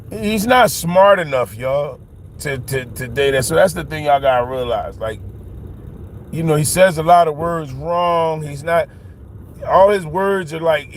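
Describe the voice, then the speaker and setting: A middle-aged man from Philadelphia rambling in a casual livestream monologue while walking home outdoors, talking into a phone and often asking if his listeners follow him. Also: on the high side. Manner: rambling, emphatic, keeps asking "you know what I'm saying". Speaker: livestream host. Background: faint traffic.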